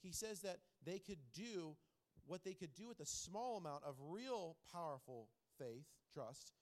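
A man leading a small-group bible study as pastor, earnest and repeating words for emphasis, often dropping to a hushed tone. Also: on the high side, expressive, measured pace. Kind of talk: teaching a bible study with questions.

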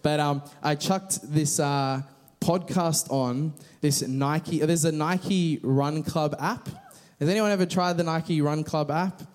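A man's voice: on the high side, takes it slowly, a little mellow. A man preaching a casual, conversational sermon with frequent restarts and fillers.

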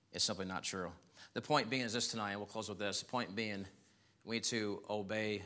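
A man's voice: lowish voice, sharp tone. A man preaching a sermon in a conversational way, reading scripture and chuckling often, his voice rising sharply when he acts out questions.

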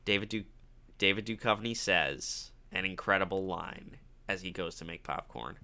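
A man's voice: low-pitched, normal speed, vocal fry, pushed and bright, smooth. A young man co-hosting a podcast, wryly retelling a movie's plot in casual chat and laughing through the scenes. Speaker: podcast co-host.

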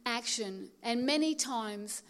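A woman with a high, bright voice delivers a sermon. She mixes everyday stories with scripture and slows right down to press home key words. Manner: storytelling, emphatic preaching with slow stressed phrases. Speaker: pastor.

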